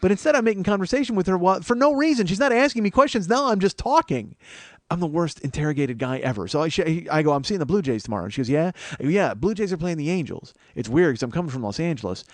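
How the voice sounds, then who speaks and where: A man in his 40s with a fairly high voice, big pitch swings and a quick pace delivers a comedic storytelling monologue on his podcast, recorded dry. Rambling and self-mocking, he curses often, and his voice climbs as he acts out his panic.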